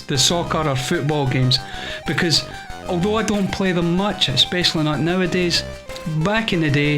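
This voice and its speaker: A man hosting his own channel, answering viewer questions in a measured, earnest, explanatory way. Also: fairly high pitch. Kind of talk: scripted-sounding Q&A answers. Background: guitar music.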